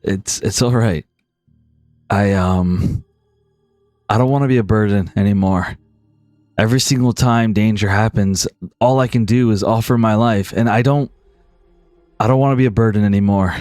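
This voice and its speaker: A man playing a wry young male adventurer who speaks softly and mocks himself a little, in a tabletop game. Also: lowish voice, moderate pace, long pauses, no echo, faint music behind, natural voice. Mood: earnest. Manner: soft, wry and self-deprecating.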